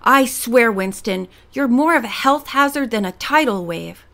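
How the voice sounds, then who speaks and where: A woman reading the part of an irritable teenage girl who yells and grumbles, in an audiobook. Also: a little high, expressive, measured pace, creaky, full character voice. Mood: irritated. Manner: snappish, yelling.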